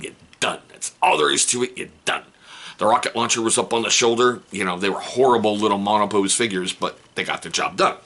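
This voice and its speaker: Chatty husky-voiced man hosting a hobby vlog. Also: fairly low pitch, sharp tone. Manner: chatty, joking, encouraging. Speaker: hobby channel host. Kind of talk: casual unboxing vlog.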